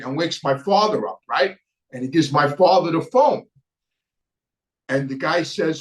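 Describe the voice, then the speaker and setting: A man holds forth in casual storytelling. His voice sits slightly high for a man, and he rambles, restarts sentences and checks in with the listener as he goes. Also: animated, moderate pace, rough recording. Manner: rambling, frequent restarts and "right?" tags, laughs at his own story. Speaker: show host, former mobster telling stories.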